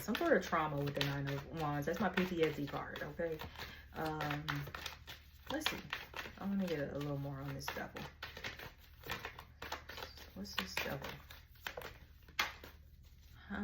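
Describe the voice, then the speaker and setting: Slangy woman reading tarot, noisy. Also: low voice. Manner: frank, slangy, laughs often. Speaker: tarot reader.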